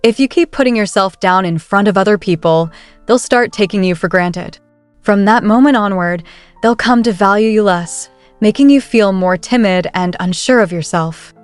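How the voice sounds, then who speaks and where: A woman's voice: medium pitch, normal speed, clear, resonant tone, dry recording, soft background music, lightly acted. A woman reading as a blunt young duke. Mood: matter-of-fact.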